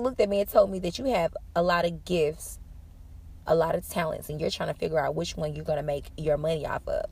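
A young woman hosting a podcast, telling a story in a casual, animated way, cursing freely and jumping up into excited exclamations. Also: fairly quick, creaky, breathy edge. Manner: animated, profane, jumps to high excited exclamations. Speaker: podcast host.

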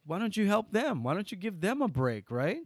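A man, a guest on an interview podcast, telling lively stories and acting out the dialogue. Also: sits high, fairly quick, breathy edge, no echo, studio quality. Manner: lively storyteller, acts out dialogue. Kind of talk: casual interview storytelling.

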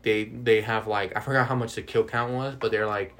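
A man's voice: fairly low pitch, brisk. A man co-hosting a casual podcast, rambling through a story with many fillers. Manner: rambling, filler-heavy, animated. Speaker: podcast co-host. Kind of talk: casual chat.

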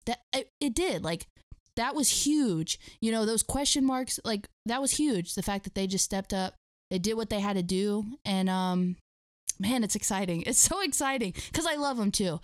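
A woman's voice: mid-range voice, expressive, normal speed, no room sound, studio quality. A woman co-hosting a sports talk show, chatting casually as an enthusiastic fan. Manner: enthusiastic fan, rambling restarts. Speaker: sports podcast co-host.

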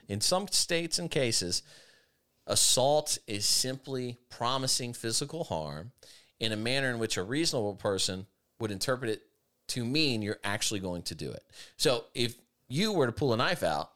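A man hosting a talk show, giving emphatic, argumentative commentary that swings between rushed and drawn-out phrasing. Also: medium pitch, fairly bright tone. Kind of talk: opinionated commentary chat.

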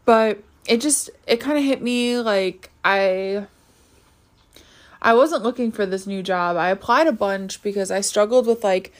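A woman's voice: mid-range voice, a little slow. A young woman in her twenties talking casually about her life as a podcast host, tired and yawning, rambling with many fillers and restarts. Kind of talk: casual personal vlog talk.

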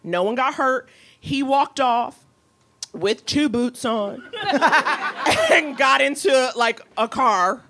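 A woman co-hosting a podcast, telling a comic story in a lively, profane way. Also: high-pitched, slow, long pauses, noisy background. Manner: profane, lively, slips into voices for the people in her stories. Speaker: podcast co-host.

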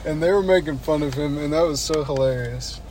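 A man casually sharing basic training memories in a lively, swearing, amused manner. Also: on the high side, a little fast, poor audio. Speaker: former army recruit in conversation. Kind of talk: casual storytelling chat. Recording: background noise.

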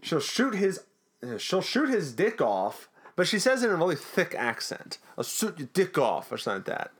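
A man's voice: high-pitched, wildly swooping pitch, moderate pace, breathy edge. A man co-hosting a podcast, casually recapping a TV episode in a jokey, rambling way. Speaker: podcast co-host.

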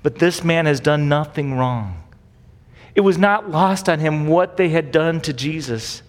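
A man preaching as a pastor, explaining scripture in an easygoing, conversational manner and often tossing in rhetorical questions. His voice sits a little higher than most men's. A long reverb trails after his words, as in a large hall. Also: expressive, a little slow. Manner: casual, asks rhetorical questions with "right?". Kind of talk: conversational Bible teaching.

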